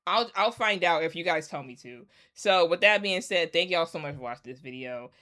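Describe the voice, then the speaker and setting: A woman's voice: on the low side, animated, fairly quick, pushed and bright. A woman vlogger ranting to her followers in a casual, emphatic and sarcastic way, repeating her points. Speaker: commentary vlogger. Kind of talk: casual rant to camera.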